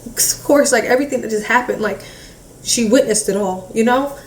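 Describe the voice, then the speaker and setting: In an echoey room with a distant mic and faint hiss, a woman with a fairly high voice tells of a painful loss in her family. Her speech is halting and packed with "like," and she acts out what her relatives said as she shares this emotional personal story.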